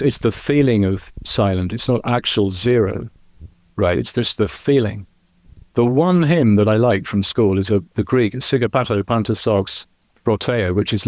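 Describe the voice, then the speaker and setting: A man's voice: mid-range voice, normal speed, no echo. A man, a podcast guest, talking in a rambling, digressive way and often checking in with "right?". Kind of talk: casual podcast interview.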